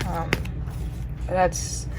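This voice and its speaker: A tarot reader gives a casual, chatty reading, speaking loosely with heavy use of "like" and laughing often. Her darkish voice draws out words, and the low-quality recording carries a little hiss or hum.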